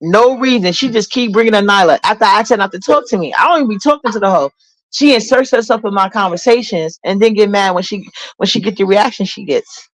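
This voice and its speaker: A woman's voice: mid-range voice, fast talker, rough recording. A woman hosts a livestream in a casual, chatty way. She is blunt and full of sass, and she addresses her chat directly as she goes. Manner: blunt, sassy, talks straight to her chat. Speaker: livestream host.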